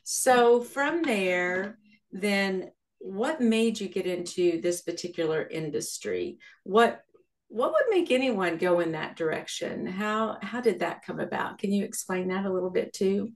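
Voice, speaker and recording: A woman's voice: mid-range voice, expressive, a little slow. A woman hosting an interview podcast, asking long, rambling questions and affirming her guest encouragingly. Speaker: podcast host.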